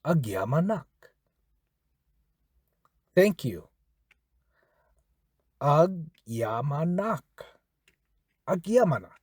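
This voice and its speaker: Man, casual language teacher; animated pitch, dry close sound, repeats and spells words patiently. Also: drawn-out words, pauses often, slightly rough, no echo. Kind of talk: casual spoken language lesson.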